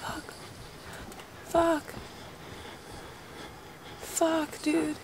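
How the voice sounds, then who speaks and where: A woman's voice: extremely high pitch, completely flat delivery, very slow, creaky, noisy background. A woman giving let's play commentary on a horror game, nervously muttering and swearing to herself as she plays.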